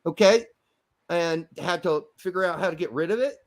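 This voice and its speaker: A man co-hosting a podcast, chatting casually and ranting in an animated, self-mocking way. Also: high voice, normal speed. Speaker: podcast co-host.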